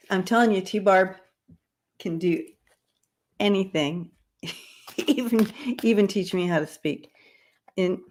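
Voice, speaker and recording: Slow, low-voiced chatty woman livestreaming. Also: gravelly, a little mellow. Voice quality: dyslexia, repeats hard words. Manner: chatty, laughs often, stumbles over long words. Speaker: livestream tarot reader. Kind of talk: casual livestream chat with viewers.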